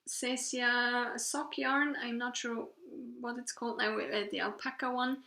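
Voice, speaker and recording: A cheerful woman in her thirties from Switzerland chats slowly about her knitting, taking her time over each detail. Her voice is bright and a little high. The room around her is echoey. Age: 30s. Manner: unhurried, cheerful, gushing about her work. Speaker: knitting podcast host. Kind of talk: casual show-and-tell chat.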